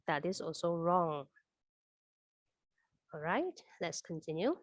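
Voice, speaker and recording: Indonesian-accented woman teaching grammar slowly. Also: sits low, animated, dry recording. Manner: slow, stressed repetition of example words. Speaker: English teacher. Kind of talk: bilingual grammar lesson.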